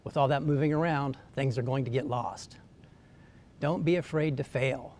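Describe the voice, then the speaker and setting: A man delivering a scripted weekly news commentary with wry, deadpan humor. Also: mid-range voice, normal speed, a little hiss or hum. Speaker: columnist giving weekly commentary.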